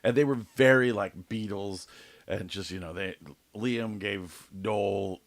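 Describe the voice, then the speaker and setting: A young male podcast co-host spins a long, rambling story in casual chat, swearing freely and padding pauses with "like" and "dude." His voice is on the low side, he takes his time, and the recording is dry.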